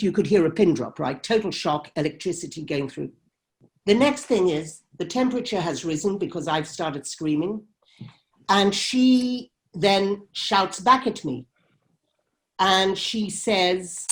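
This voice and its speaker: A woman's voice: lowish voice, animated, a little slow. A woman documentary filmmaker telling a story in an interview, emphatic and dramatic as she acts out heated exchanges.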